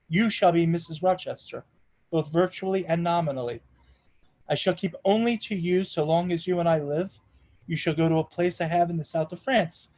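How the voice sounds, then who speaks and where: A man reading the part of a passionate, brooding gentleman in an audiobook, with an impassioned, pleading delivery. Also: on the high side, close to an everyday voice. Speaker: reader in a charity readathon.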